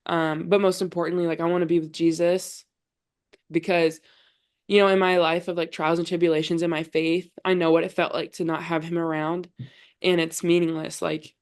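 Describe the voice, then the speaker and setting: A young adult woman, a college volleyball player appearing as a podcast guest, speaks in a deep, slightly mellow voice. She talks earnestly about her faith in casual conversation, saying "like" a lot.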